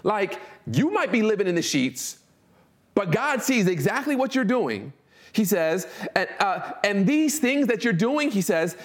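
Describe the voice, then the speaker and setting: A young man preaching a sermon, reading scripture aloud and then commenting on it in casual slang, slowing down to stress words. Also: high voice, very animated. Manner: slows and stresses words for emphasis.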